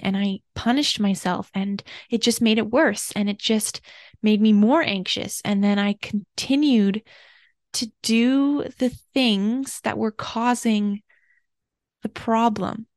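A woman's voice: medium pitch, a little slow, dry recording. Earnest woman podcaster, dry close sound. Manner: earnest, gentle, openly confessional. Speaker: podcast host. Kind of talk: personal reflective monologue.

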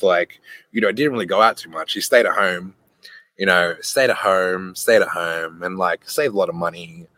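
A young adult man hosting a podcast, telling a casual story full of cursing, who jumps into quick voices for the people in his anecdote. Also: on the low side. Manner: animated, swears freely, acts out voices in anecdotes. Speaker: podcast host.

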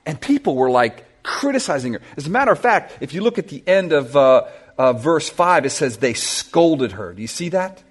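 A man preaching a sermon to his church, telling a Bible story with lively questions to the congregation. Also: fairly high pitch, normal speed, slightly rough. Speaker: pastor.

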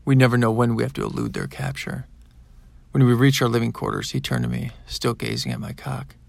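Gravelly guy reading a sci-fi audiobook, plain steady telling, dry. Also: mid-range voice, a little fast, dry recording. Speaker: audiobook narrator. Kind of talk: first-person scripted narration.

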